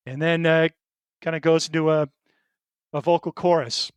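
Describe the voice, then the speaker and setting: A man's voice: a little high, level tone, moderate pace, long pauses, clear, resonant tone, no room sound, studio quality. A middle-aged man co-hosting a podcast in casual chat, earnest and emotional, hesitating with fillers and restarts. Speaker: podcast co-host.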